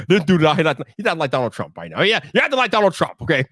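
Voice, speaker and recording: A man's voice: a little high, big pitch swings, quick pace, a bit bright, no echo, clean studio sound. A man hosting his own livestream, talking bluntly to viewers in a casual, repetitive way with slang and many restarts. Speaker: livestream host.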